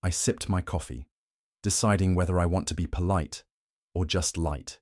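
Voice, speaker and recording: A man reading a werewolf romance novel aloud, steady and even, in a very deep voice. The recording is close and dry, with no room sound. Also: normal speed, no room sound. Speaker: audiobook narrator. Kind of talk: scripted first-person narration.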